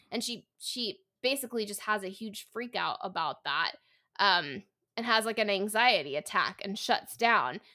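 A young adult woman co-hosting a podcast, chatting loosely with many fillers. Her voice is bright and forceful at a middle pitch. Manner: chatty, full of fillers like "like" and "you know". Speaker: podcast co-host. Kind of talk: casual book discussion.

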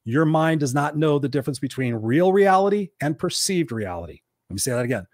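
A man working as a life coach, telling a motivational story in an animated, casual way with some swearing. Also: fairly high pitch, a little fast, no echo, clean studio sound. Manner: animated retelling with repeated quotes, casual swearing.

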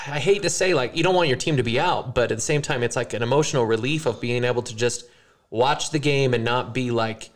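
A man's voice: mid-range voice, brisk. A man co-hosting a podcast, chatting casually and acting out his reactions with animation. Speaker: podcast co-host. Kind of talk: casual chat.

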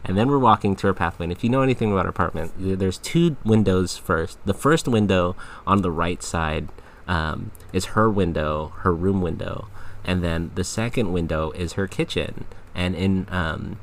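Low-voiced man telling a rambling story. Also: normal speed, a little hiss or hum. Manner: rambling storyteller, many fillers. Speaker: podcast host. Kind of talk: casual chat.

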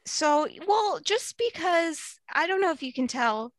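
A woman's voice: very high voice, lively intonation, a little slow, dry recording. A young woman from Long Island chatting bluntly and with strong opinions on a casual podcast. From Long Island, New York. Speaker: podcast guest.

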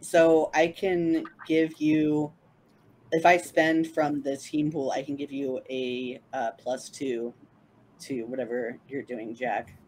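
Eager tabletop player, talks slow, swears a lot, faint hiss. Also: mid-range voice, little pitch movement, darkish tone, rough recording. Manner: eager and casual, swears freely. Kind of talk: playing a tabletop game.

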